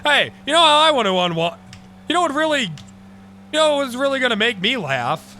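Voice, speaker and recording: A man streaming live, chatting casually with an excitable, profane manner and mock-outraged outbursts. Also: very high voice, a little fast, a little hiss or hum.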